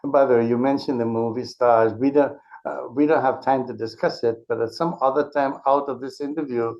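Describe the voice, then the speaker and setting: A man answers interview questions in a measured, explanatory way. He often restarts his sentences, and his voice sits at a middle pitch. The audio is dull and lo-fi. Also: steady tone. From Caribbean. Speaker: author and interview guest. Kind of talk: conversational interview.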